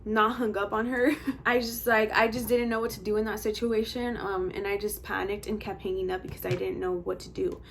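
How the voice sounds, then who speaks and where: A woman's voice: mid-range voice, little pitch movement, fairly quick, gravelly, hardly any pauses, slight background noise. A young woman vlogger chatting casually as she tells a story while getting ready. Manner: chatty, slangy, heavy use of "like" and "bro".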